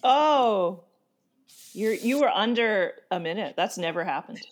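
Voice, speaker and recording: A woman co-hosting a podcast, joking and laughing easily. Her pitch moves a lot, giving her talk a bouncy, expressive lilt. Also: unhurried. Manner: playful, laughs often, animated. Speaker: podcast co-host. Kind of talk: casual chat.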